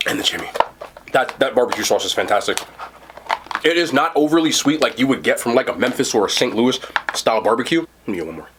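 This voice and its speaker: A young man from New Jersey reviews food in a casual eating vlog, talking enthusiastically through mouthfuls. His mid-range voice is animated and quick, with background noise in the recording.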